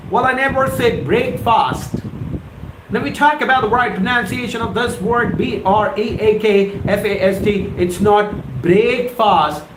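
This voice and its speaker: Male English tutor, 40s, theatrical live-lesson host; noisy, reverberant recording. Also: high-pitched. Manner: animated, theatrical, drills words by repetition. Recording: roomy echo with background noise.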